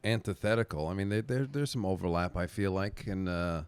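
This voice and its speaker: A man speaking as a podcast guest from a basement, soft-spoken and gentle, hesitant, with many fillers. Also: deep voice, a little fast, clear, resonant tone, no room sound. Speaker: guest comedian. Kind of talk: casual chat.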